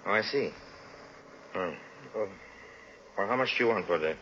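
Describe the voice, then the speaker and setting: A man's voice: lowish voice, expressive, normal speed, sharp tone. An actor playing a suave, sardonic con man who narrates an old radio drama. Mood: smooth. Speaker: narrator and lead. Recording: muffled old radio broadcast with hiss.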